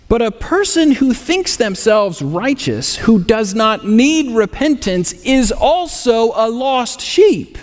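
A man's voice: very high voice, long reverb tail. A man preaching a sermon as pastor, earnest with moments of dry sarcasm.

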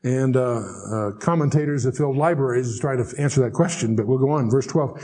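A man teaching the Bible verse by verse, reading scripture slowly and solemnly, then explaining it in chatty, wry asides. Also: medium pitch, lively intonation, mellow.

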